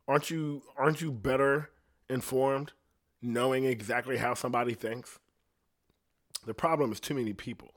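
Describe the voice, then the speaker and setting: A man hosting a podcast, ranting in a rambling, profane casual monologue, a little jittery from coffee. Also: medium pitch. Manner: profane, rambling, quotes others in voices. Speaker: podcast host.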